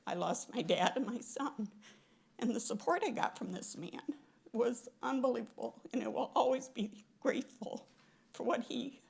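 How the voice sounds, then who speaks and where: Woman, council meeting tribute, sad and fumbling, higher voice, gravelly. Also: a little mellow. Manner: sad, fumbling over words. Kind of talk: emotional farewell tribute. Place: city council chamber.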